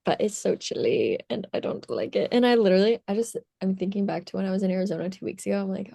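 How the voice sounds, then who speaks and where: A woman's voice: mid-range voice, lively intonation, fast talker, creaky, hardly any pauses, dark tone, no room sound, clean studio sound. A young woman co-hosting a podcast, chatting in a bubbly way and laughing often. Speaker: podcast co-host, youth leader. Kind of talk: casual chat. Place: home, on a call.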